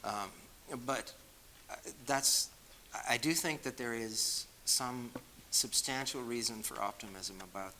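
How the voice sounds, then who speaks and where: A man's voice: mid-range voice, pushed and bright, slight background noise, rough recording. A man with a Boston accent answering questions at a talk, speaking conversationally and with self-deprecating humor.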